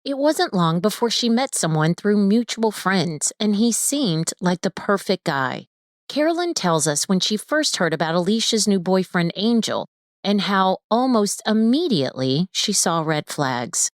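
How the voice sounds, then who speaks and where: Woman host narrating true crime, lively pitch. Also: a little slow, no room sound, clean studio sound. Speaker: podcast host.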